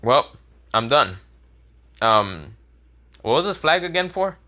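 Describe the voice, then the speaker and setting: A man's voice: mid-range voice, sing-song, takes it slowly, sharp tone, full character voice. A man voicing a cocky, lazy teenage boy ninja who talks offhand and swears casually, in a fan-made story.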